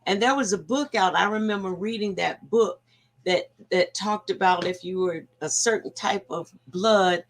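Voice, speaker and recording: A woman hosting a talk show, summing up her guest's points and adding her own experience. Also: on the low side. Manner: reflective, sums up and adds her own story.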